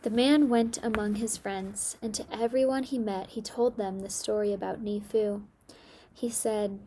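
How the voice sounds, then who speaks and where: A woman reading a children's story aloud in a gentle, measured storybook manner. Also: medium pitch, fairly even intonation, slight background noise.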